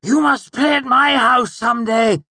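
A man voicing an excitable, short older nobleman who talks animatedly. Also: very high voice, a little slow, husky, dry recording, voice pushed up, exaggerated voice. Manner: giddy, animated, gesturing wildly.

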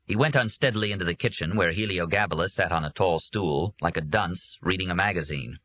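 A man reading a novel aloud as a narrator, with a steady, measured delivery. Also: deep voice. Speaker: audiobook narrator. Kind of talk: scripted narration.

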